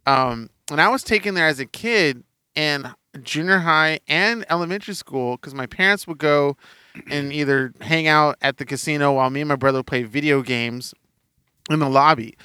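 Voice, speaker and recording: A man in his thirties hosts a relaxed podcast conversation, laughing often and filling gaps with quick yeahs. His voice is bright, smooth and slightly high. The recording is dry and close. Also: dry recording. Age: 30s. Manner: laughs often, gives quick agreeing backchannels. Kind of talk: casual podcast chat.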